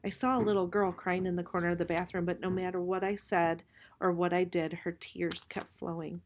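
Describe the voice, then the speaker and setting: A woman reading a novel aloud in a calm, measured way, slowing for suspense. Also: fairly low pitch, slight background noise. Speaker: reader.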